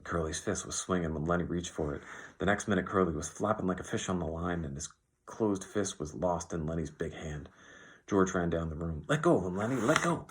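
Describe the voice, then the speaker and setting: A man reading an audiobook as narrator in an even, measured way. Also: sits low. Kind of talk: scripted narration.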